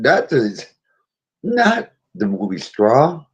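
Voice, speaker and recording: A man's voice: medium pitch, wildly swooping pitch, takes it slowly. A man hosting a casual movie-review livestream, emotional and crying, laughing through tears.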